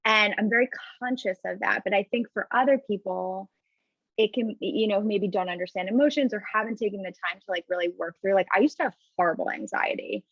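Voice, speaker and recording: A woman's voice: medium pitch, fairly quick, gravelly, dry recording, highs cut off. A woman therapist co-hosting a podcast, talking candidly and reflectively about her emotions, swearing casually, recorded over a remote call. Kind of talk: casual chat.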